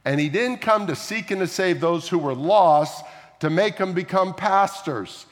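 A man's voice: high voice, lively intonation, measured pace. A man preaching a sermon as a pastor, talking through scripture in a conversational way, with frequent asides and questions to the listeners. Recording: long hall reverb.

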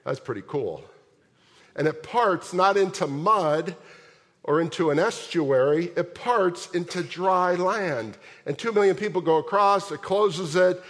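Animated pastor preaching in a reverberant church. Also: male voice, sits high, unhurried. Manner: animated storytelling with rhetorical questions. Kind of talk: sermon. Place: large church sanctuary. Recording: long hall reverb.

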